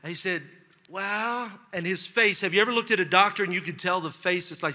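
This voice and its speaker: A male pastor preaching a sermon, telling a story with lively acted-out dialogue. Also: sits high, a little fast. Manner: animated storytelling, acts out dialogue. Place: church sanctuary. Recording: long hall reverb.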